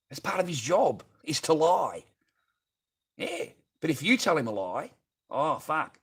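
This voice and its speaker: A man's voice: fairly high pitch, big pitch swings, unhurried, slightly rough. An Australian man livestreaming, ranting bluntly and profanely as he reads viewer comments aloud and answers them. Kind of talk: ranting live stream chat.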